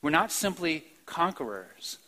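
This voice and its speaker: A high-pitched male pastor delivers a live-streamed church sermon. He drops to slow, quiet stretches, then bursts out loud and emphatic on his key points. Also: very animated, low-quality recording. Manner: emphatic preaching with sudden loud outbursts and soft, slow stretches.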